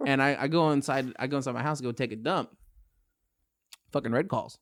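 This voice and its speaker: A young man co-hosts a casual podcast, telling stories full of swearing and laughter in a loose, chatty way. His voice is mid-range and his delivery brisk.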